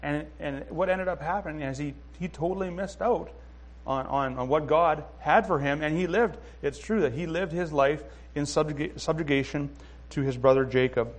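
Man, preacher, informal sermon, slightly higher voice, conversational, frequent fillers. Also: moderate pace. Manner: conversational, many fillers and restarts, asks listeners "right?".

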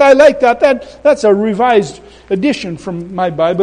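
A man preaching a sermon, emphatic and repeating his phrases, swinging between loud passages and soft ones, with conversational asides to the congregation. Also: high voice, lively intonation, moderate pace, few pauses, rough recording.

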